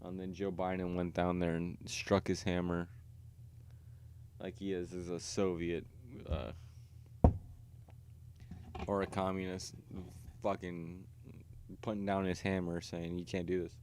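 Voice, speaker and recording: A man's voice: deep voice, little pitch movement, slow, pauses often, darkish tone, slight background noise. A man hosting a casual livestream video chat with strangers, rambling and profane in a provocative way. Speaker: livestream host.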